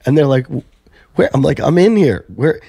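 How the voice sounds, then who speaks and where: A man's voice: on the high side, expressive, moderate pace, creaky, warm tone, breathy edge, dry recording, studio quality. A man hosting a podcast in casual chat, telling stories and acting out both sides of conversations. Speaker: podcast host.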